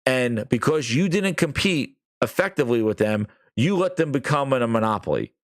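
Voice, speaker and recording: A man's voice: medium pitch, sing-song, normal speed. A man hosting a gaming podcast, ranting sarcastically, swearing and acting out mocking quotes. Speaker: podcast host. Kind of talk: ranting commentary.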